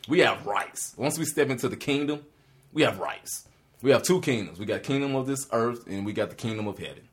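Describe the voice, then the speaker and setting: A man co-hosting a casual faith talk, animated and often laughing as he preaches. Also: mid-range voice, a little fast.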